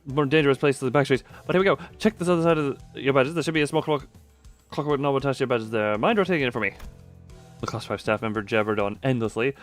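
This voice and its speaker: Male game streamer, rapid rambling chatter, light music bed. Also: medium pitch. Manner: rambling, excitable, reads game text aloud. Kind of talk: casual game stream commentary with chat dice rolls.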